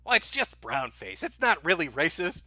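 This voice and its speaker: A man's voice: on the high side, big pitch swings, normal speed, bright, forceful tone, no echo, clean studio sound. A man hosting a live stream, ranting sarcastically and profanely to his chat, often breaking into laughter.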